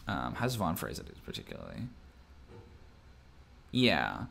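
A man's voice: rumbling low, wildly swooping pitch, a little slow, creaky, fairly bright tone. A young man from Minnesota hosting a casual game-design stream, reading viewer comments and thinking aloud with lots of fillers and restarts. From Minnesota, USA. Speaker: game master and show host.

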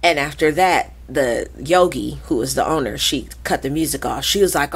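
A woman in her forties, a podcast guest who tells stories in a lively, profane way and acts out the voices of people she quotes. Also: deep voice, moderate pace, hardly any pauses, husky. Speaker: podcast guest, krump dancer. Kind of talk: animated storytelling in conversation.

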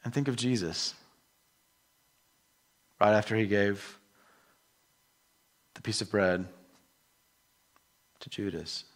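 A middle-aged man preaching a sermon in an earnest, emotional way, moving between soft and emphatic delivery. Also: on the low side, slow, long pauses. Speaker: pastor.

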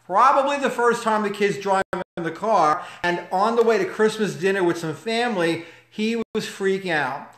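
A man delivers a motivational talk in an emphatic, conversational way, often asking rhetorical questions. His voice sits fairly high for a man. The recording has a roomy echo. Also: lively intonation, normal speed, hardly any pauses, fairly bright tone. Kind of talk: motivational talk with personal story. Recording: echoey room.

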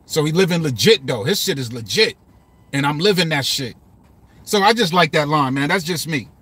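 A man's voice: on the high side, lively intonation, moderate pace, pushed and bright, husky, dry recording. Casual man breaking down lyrics. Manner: loose and repetitive, swearing, quoting lines aloud. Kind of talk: casual commentary.

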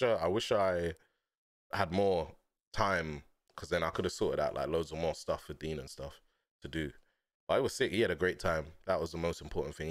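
A man's voice: low-pitched, no room sound, clean studio sound. A man chatting casually on a livestream, rambling, unsure of himself and often repeating or trailing off. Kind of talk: casual stream chat.

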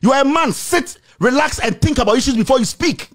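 A man with a Ghanaian accent delivering an angry, insulting rant to the camera, repeating himself and shouting. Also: very high-pitched, expressive, a little fast. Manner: shouting, insulting, repetitive tirade. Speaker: political commentator.

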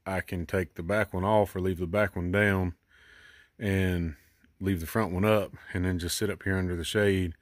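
A man's voice: sits low, dry recording. A middle-aged man hosting a DIY video, casually thinking aloud about his work with lots of ums and uhs, recorded outdoors by a boat. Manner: rambling, thinking aloud with many fillers. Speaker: DIY channel host. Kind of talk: casual how-to explaining.

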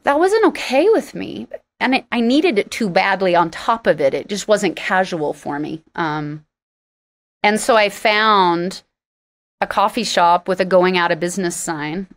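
A woman, a singer-songwriter, telling her story in a casual interview, candid and a bit sarcastic, acting out quoted lines with big jumps in pitch. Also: expressive, measured pace.

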